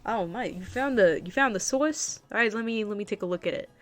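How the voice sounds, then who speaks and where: A woman voicing a jittery small male gnome tavern keeper, talking in rapid, upbeat bursts full of fillers. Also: mid-range voice, lively intonation, fairly bright tone, lightly acted. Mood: cheerful.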